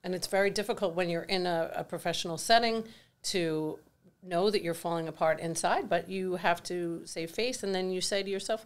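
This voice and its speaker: A woman's voice: on the low side, normal speed, clean tone. A middle-aged woman co-hosting a podcast, talking candidly and reflectively in casual chat. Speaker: podcast co-host.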